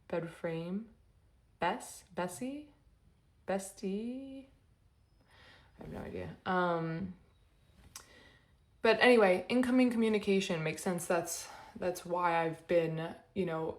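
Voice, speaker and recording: Rambling low-voiced woman reading tarot. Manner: rambling, self-interrupting, giggly. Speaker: tarot reader. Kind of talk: casual intuitive tarot reading.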